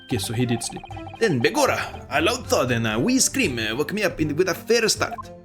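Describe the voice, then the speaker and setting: A man's voice: a little high, very animated, brisk. A man doing a wily Irish moneylender. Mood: storytelling. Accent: put-on Irish. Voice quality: folksy, sly, rolling phrases. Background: game music.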